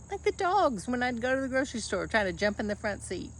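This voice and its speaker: A woman's voice: on the high side, sing-song, fast talker, few pauses, slight background noise. A woman coaching in a casual motivational monologue, blunt and folksy, calling the listener honey.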